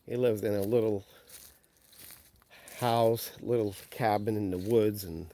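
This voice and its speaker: A man telling a story on a walk, relaxed, with many filler phrases. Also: on the low side, a little slow. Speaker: vlogger. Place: outdoors on a nature walk.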